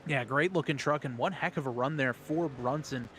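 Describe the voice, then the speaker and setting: A man doing energetic play-by-play commentary on a race, calling positions and passes. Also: mid-range voice, normal speed, slight background noise.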